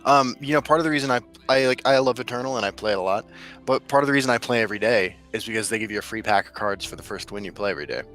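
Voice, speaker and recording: A man co-hosting a casual gaming podcast, relaxed and agreeable in conversation. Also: lowish voice, racing, faint music behind. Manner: relaxed, agreeable, reads an announcement in a mock radio announcer voice. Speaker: podcast co-host.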